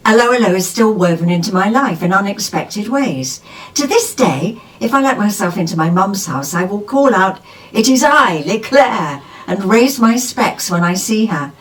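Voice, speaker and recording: Woman co-host, reads listener mail with lively, expressive delivery, sits back from the mic. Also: medium pitch, normal speed, recorded from a distance, low-quality recording. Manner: lively, expressive reading with laughs. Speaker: podcast co-host. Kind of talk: reading a listener letter aloud.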